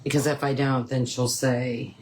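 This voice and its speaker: A woman's voice: extremely low pitch, flat delivery, moderate pace, noisy background. A woman hosting a painting tutorial, chatting casually and rambling with frequent ums. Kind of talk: casual chat while painting.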